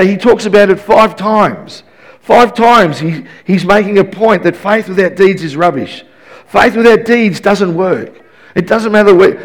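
A man in his fifties preaching a sermon in an emphatic, repetitive way, often restarting his sentences. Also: high-pitched.

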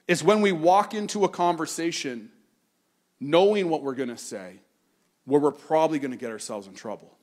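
A pastor giving an earnest sermon, telling a personal story in a conversational way and slowing down to stress key points. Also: male voice, fairly high pitch, lively intonation.

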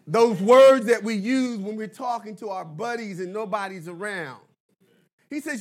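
A man in his fifties preaching a sermon, building to emphatic shouted bursts and dropping into playful asides. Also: high-pitched, lively intonation, measured pace. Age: 50s. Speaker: pastor.

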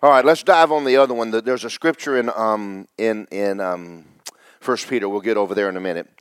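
A middle-aged male pastor preaching, his voice tearful, dropping to whispers and rising to loud cries. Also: on the low side, brisk, clear, resonant tone, no echo. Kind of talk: sermon.

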